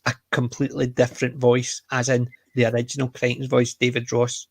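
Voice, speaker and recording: A man with a Scottish accent, co-hosting a casual podcast chat and retelling scenes with lively energy. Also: mid-range voice, a little fast, no echo. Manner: chatty, animated retellings of scenes. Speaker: podcast co-host.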